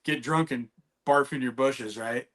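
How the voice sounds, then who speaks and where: A man guesting on a podcast, chatting casually, animated and quick to swear. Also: mid-range voice. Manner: animated, swears freely, says dude.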